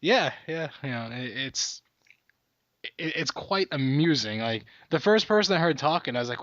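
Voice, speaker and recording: A man's voice: fairly high pitch, animated, moderate pace, a bit bright, no echo. A man rambles through a casual comedy podcast chat, swearing freely and poking fun at himself. He calls in from a hotel room, and his voice comes through dull, dry and lo-fi. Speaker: podcast co-host. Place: hotel room, calling in remotely.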